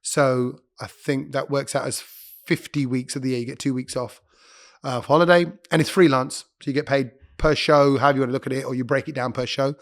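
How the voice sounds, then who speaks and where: A man, a radio presenter, chatting as a podcast guest and telling stories quickly, often breaking off to correct himself. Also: mid-range voice, fairly even intonation. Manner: quick, chatty storyteller who interrupts himself. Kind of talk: casual interview chat.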